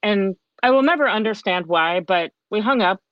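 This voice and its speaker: A woman who works as a life coach, telling her story as a guest in an interview, lively and animated, acting out what people said. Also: mid-range voice, moderate pace, no room sound, muffled recording.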